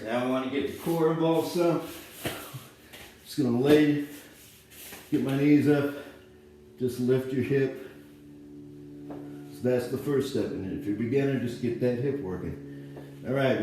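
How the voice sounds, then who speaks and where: A man's voice: mid-range voice, a little mellow, distant mic, slight background noise. A man coaching a home workout casually and encouragingly, a bit out of breath as he demonstrates each move. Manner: casual, encouraging, thinks aloud while demonstrating. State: slightly out of breath while exercising. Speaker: fitness coach. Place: indoor room, moving around in front of camera. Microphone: camera mic at a distance. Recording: very echoey room, voice off-mic.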